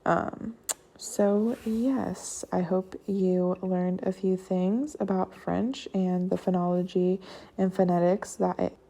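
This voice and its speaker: A young woman giving a class presentation on phonology, unhurried and with frequent fillers. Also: on the low side, fairly even intonation, creaky, dark tone. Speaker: student presenter.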